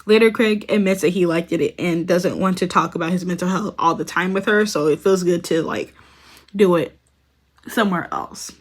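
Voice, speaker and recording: At a moderate pace and with a lowish voice, a young woman recaps a TV show for her commentary channel. Her talk is loose and chatty, peppered with "like" and "um," with bursts of laughter whenever she mock-quotes the characters.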